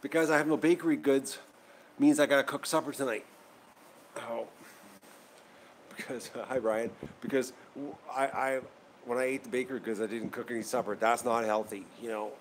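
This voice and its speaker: A man's voice: medium pitch, fairly even intonation, moderate pace, slight background noise, low-quality recording. A man, chatting casually and rambling on a livestream about his day and his animals. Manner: rambling, self-deprecating, talks to his animals. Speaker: vlogger raising ducks.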